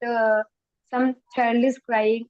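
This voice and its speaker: A woman student with an Indian English accent asks her teacher a question in halting phrases, pausing to find her words. Her voice is slightly high, and the call audio sounds dull and lo-fi. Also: flat delivery. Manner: hesitant, halting. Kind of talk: asking a question in class.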